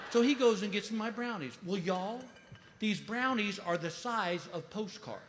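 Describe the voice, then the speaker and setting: A man's voice: high-pitched, sing-song, normal speed, background noise. A man, telling a frantic, self-mocking stand-up story on stage. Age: 50s. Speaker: stand-up comedian. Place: theater stage. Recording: live stage mic in a reverberant hall.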